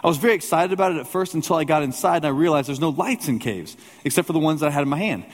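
A male pastor preaches in a church sanctuary before a congregation, telling a personal story conversationally with humorous asides. His voice is on the high side and very fast, and the recording has a long hall reverb.

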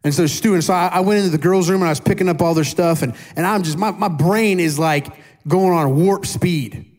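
A pastor in his thirties gives a relaxed, conversational sermon with a voice pitched a little high. He keeps turning to his congregation with questions and pokes fun at himself. His delivery is lively and informal. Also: fairly quick. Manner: casual and animated, questions the congregation; self-deprecating humor.

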